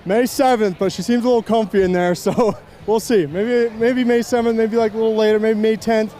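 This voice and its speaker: A man's voice: high voice, fairly even intonation, dark tone, a little hiss or hum. A young man, a hockey goaltender, giving a humble and grateful post-game interview on the ice. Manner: humble, grateful, quick-talking.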